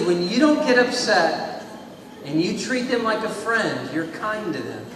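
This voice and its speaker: Animated man speaking in an echoey hall. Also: sits high, far from the mic, a little hiss or hum. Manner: animated, leads call-and-response chants. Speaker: anti-bullying speaker at a school assembly. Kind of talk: motivational talk to students. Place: large school hall or gym. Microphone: small microphone on a stand.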